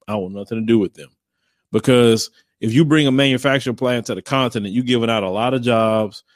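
A man's voice: mid-range voice, fairly quick, no echo, studio quality. A man hosting a casual commentary show and talking bluntly to viewers. He rambles, repeats phrases and slips into mocking voices.

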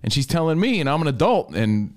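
A man hosting a radio show in casual studio talk, blunt and animated, acting out quotes as he goes. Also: a little high, brisk.

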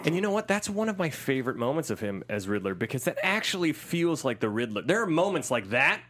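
A man's voice: medium pitch, quick pace. A man co-hosting a podcast, chatting casually and animatedly about a movie, joking and acting out lines. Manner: animated, jokey, acts out quotes, swears casually. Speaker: podcast co-host.

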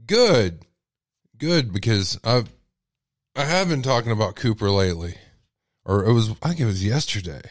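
A deep-voiced man with a Texas accent talks casually as a livestream host. His pitch swings widely, and he exclaims in disbelief. The sound is dry and close. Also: big pitch swings, normal speed, pauses often, no echo. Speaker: podcast host.

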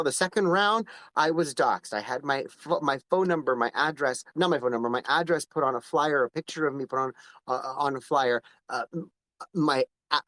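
A man's voice: on the high side, fairly bright tone, dry recording. A man speaking as an interview guest, emphatic and repetitive, often restarting his sentences. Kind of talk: conversational interview.

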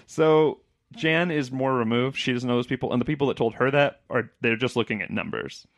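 Casual podcast co-host, a man, mid-pitched, talkative and laughing, dry close sound. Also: fairly quick, dry recording. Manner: chatty, laughs often, acts out quotes. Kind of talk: casual chat.

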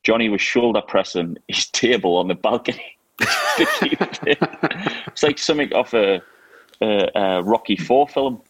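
A man co-hosting a casual chat, telling lively stories and laughing often. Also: fairly low pitch, measured pace, breathy edge, no echo. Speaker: co-host.

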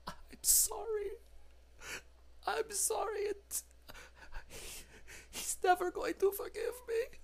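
A game master voicing a pleading, skinless woman kept alive as a mass of flesh in a box, with a high, strained, broken voice. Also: steady tone, slow pace, creaky, pauses often, full character voice.

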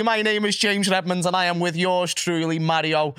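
A man's voice: high voice, steady tone, fairly quick, bright, forceful tone, clear, resonant tone. A man hosting a casual live football podcast, chatty and jokey with his guests. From Liverpool. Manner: chatty, jokey, greets chat. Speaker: podcast host.

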